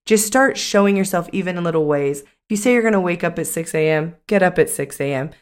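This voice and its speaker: A woman's voice: on the low side, animated, fast talker. A young adult woman co-hosting a casual podcast chat as a coach, talking in a chatty way with many "like" fillers.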